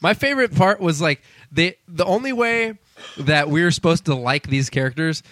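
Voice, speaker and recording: A man on a comedy podcast, retelling movie scenes with quick acted-out quotes and laughs. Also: on the high side, animated, fairly bright tone, no room sound. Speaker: podcast co-host. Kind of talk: casual comedy podcast chat.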